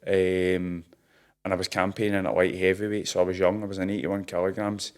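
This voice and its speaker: A deep-voiced Scottish man in his thirties talks as a professional boxer in a casual interview. He tells stories freely, in broad local slang, and often laughs at himself. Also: level tone, brisk, smooth. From Scotland. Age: 30s.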